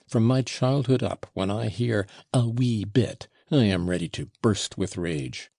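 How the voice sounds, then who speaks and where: A man's voice: lowish voice, measured pace, gravelly, warm tone, slightly rough, no room sound, clean studio sound, exaggerated voice. A man reading a sullen, proud young male servant who talks curtly and disdainfully in an audiobook. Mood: scornful. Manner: curt, disdainful.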